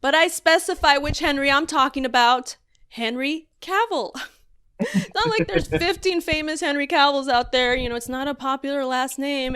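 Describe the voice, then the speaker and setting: Woman stand-up comic, high voice, animated and exasperated, laughing between lines, video call mic. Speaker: stand-up comedian. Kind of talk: stand-up comedy set. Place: virtual show over video call.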